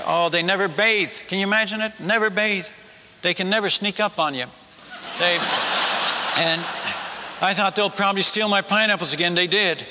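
A man spins a folksy, animated missionary yarn for a church crowd. His voice is bright and piercing, pitched slightly high, and it rings out with the long echo of a large hall. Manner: folksy, animated storyteller, chuckles at his own tales. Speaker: missionary speaker. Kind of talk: humorous story told to a congregation.

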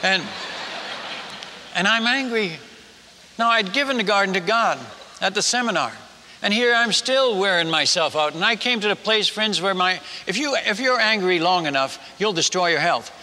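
A man preaching a storytelling sermon as a missionary, halting and self-mocking, often stumbling and repeating his words. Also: high voice, expressive, pushed and bright, big-room sound.

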